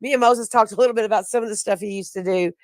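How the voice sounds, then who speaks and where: A man's voice: sits high, racing, dry recording, clean studio sound. A man co-hosting a talk show, reacting to a story with short remarks. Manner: laughing listener, brief reactions. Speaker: podcast co-host. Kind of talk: casual chat.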